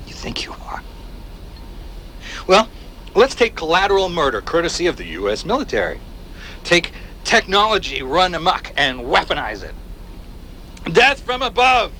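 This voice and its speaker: A paranoid, fiery agitator in a video game, ranting with wildly swinging inflection and a bright, sharp edge. His voice sits a little high, dropping to hushed menace and then climbing toward near-shouts. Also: slight background noise, full character voice. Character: paranoid, fiery male anti-surveillance agitator. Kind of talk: video game voice acting, radio-style monologue.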